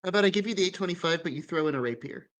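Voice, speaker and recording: A man's voice: high voice, animated, racing, fairly bright tone. Eager man playing a tabletop game. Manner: eager, chatty, bargains. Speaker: player. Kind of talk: casual tabletop game play.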